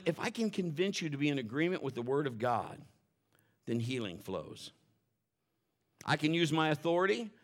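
A male pastor preaching a sermon to a congregation in church, telling stories and often repeating words as he restarts. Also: fairly high pitch. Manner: animated preaching with storytelling asides. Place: church service before a congregation.

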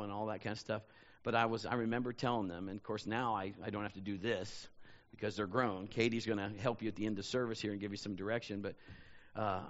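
A man's voice: lowish voice, long reverb tail, highs cut off. A man preaching a sermon as a pastor, telling personal stories in a conversational way and often saying "you know". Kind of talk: sermon storytelling.

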